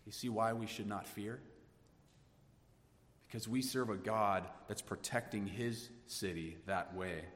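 A man preaching a sermon, swinging from hushed tones to emphatic rises. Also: on the low side, fairly even intonation, a little slow, in a large hall. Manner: dynamic preaching, dropping to hushed tones then rising emphatically. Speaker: pastor.

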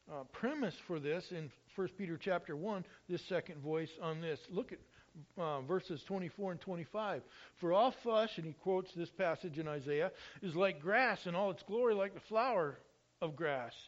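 High-voiced preacher on a dull recording. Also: male voice. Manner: expressive, rises loudly when quoting scripture. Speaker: pastor. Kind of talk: sermon.

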